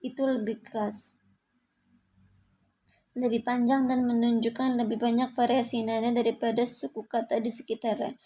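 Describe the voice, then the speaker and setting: Young indonesian woman reading her class slides, highish voice but flat, steady. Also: a little fast, rough recording. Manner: steady, read-aloud delivery. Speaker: student presenter.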